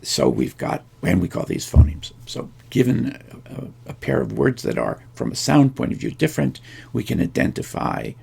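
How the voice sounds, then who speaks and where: A man's voice: mid-range voice, wildly swooping pitch, moderate pace, vocal fry, darkish tone, husky. A man giving a recorded linguistics lecture, thinking aloud with frequent restarts and fillers.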